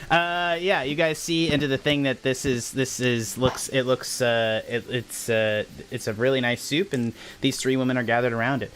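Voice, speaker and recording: A man's voice: medium pitch, fairly even intonation, normal speed, few pauses, fairly bright tone, slight background noise. A man running a tabletop horror game on a live stream, talking casually, apologizing often and restarting his sentences. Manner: rambling, apologetic, lots of restarts. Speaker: game master.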